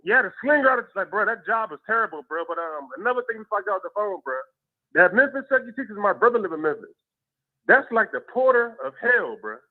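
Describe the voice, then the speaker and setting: A man's voice: sits high, big pitch swings, quick pace. A man calling into a show, telling stories in a chatty, laughing way and ending lines with "bro". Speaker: caller. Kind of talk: phone-in storytelling. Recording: muffled lo-fi phone call.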